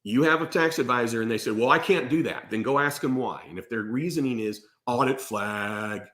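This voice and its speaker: Male accountant host, mid-pitched, blunt and emphatic. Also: moderate pace, a bit bright. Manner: emphatic and blunt, repeats "okay?". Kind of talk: direct-to-camera tax advice.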